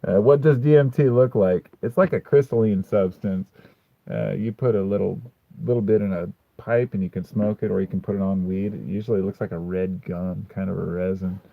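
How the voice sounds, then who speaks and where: A man's voice: lowish voice, fairly even intonation, normal speed, creaky, no room sound. A man hosting a live chat stream, reading comments and answering them bluntly and sarcastically, swearing often and saying "dude" a lot. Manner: argumentative, frequent "dude". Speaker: livestream host reading chat. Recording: dry, tinny phone-like sound.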